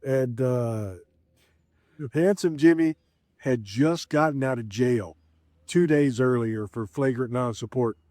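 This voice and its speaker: A middle-aged man spins long, rambling stories in a relaxed, chatty way, often stopping on "uh" and starting his sentences over. His voice sits in an ordinary middle pitch. The sound is close and dry, with no room echo. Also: slow pace. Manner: rambling, full of "uh" fillers and restarts. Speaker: former pro wrestler telling stories. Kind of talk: casual storytelling.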